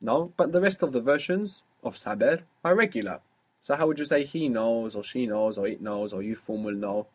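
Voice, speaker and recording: Male language teacher, slightly husky, patient, quizzes a learner and repeats answers back. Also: medium pitch, lively intonation, normal speed. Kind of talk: guided spoken lesson.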